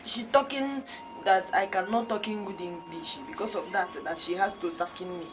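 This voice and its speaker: An actress playing a clumsy comic house help who speaks broken English with a Nigerian accent. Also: female voice, medium pitch, normal speed, background noise, close to an everyday voice.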